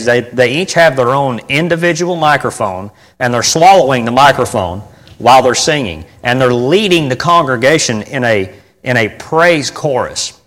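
A man's voice: medium pitch, a bit bright. A man giving an informal sermon on church music to a congregation, speaking conversationally, repeating key phrases for emphasis and asking the room for responses. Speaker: preacher teaching on church music. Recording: long hall reverb.

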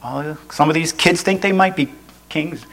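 A man's voice: a little high, normal speed, a bit bright, rough recording. Earnest repetitive preacher man. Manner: earnest and repetitive, restating each point, with folksy asides. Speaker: pastor. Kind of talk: sermon.

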